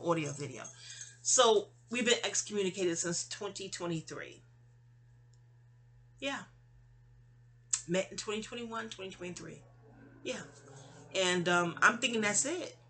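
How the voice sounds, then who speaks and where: Bright-voiced woman rambling through a story. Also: lowish voice. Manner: rambling, chatty, acts out quoted dialogue. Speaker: vlogger. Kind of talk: casual storytelling vent. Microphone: audio-only home recording.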